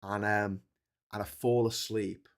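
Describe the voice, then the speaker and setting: A man's voice: fairly low pitch, flat delivery, measured pace. A man hosting a livestream, telling a rambling travel story in a chatty way. He often breaks off mid-sentence and laughs at his own story. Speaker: livestream host.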